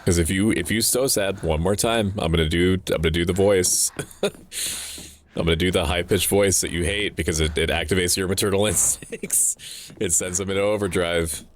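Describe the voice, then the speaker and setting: A young man with a very low, deep voice talks through a game stream in loose, rambling commentary. He cracks jokes, breaks off mid-thought, and curses offhandedly, with a faint hiss of noise behind him. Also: steady tone, moderate pace. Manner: rambling, joking, self-interrupting, swears casually. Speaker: VTuber streamer. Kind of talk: casual gameplay commentary.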